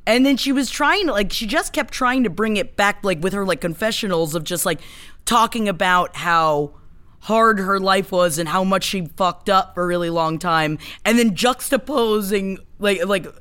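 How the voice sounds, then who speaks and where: A woman's voice: mid-range voice, moderate pace. A woman co-hosting a podcast, chatting casually with lots of fillers and frequent laughter. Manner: animated, filler-heavy, laughs often. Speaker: podcast co-host. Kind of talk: casual chat.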